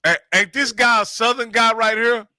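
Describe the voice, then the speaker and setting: Bright-voiced man in sports talk. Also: very high voice, steady tone, normal speed, no echo. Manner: conversational, emphatic, drawling. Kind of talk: casual sports chat.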